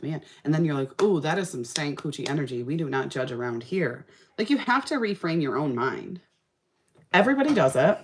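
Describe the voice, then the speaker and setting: A young woman talking casually and sassily while doing her makeup, telling a story with lots of feeling. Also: medium pitch. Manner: sassy, animated storytelling. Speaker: makeup vlogger. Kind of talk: casual makeup-tutorial chat.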